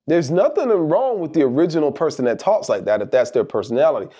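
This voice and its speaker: Man, middle-aged, motivational monologue, emphatic, repetitive rhetorical phrasing, mellow dark tone. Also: a little high, animated, fast, breathy edge. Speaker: motivational speaker.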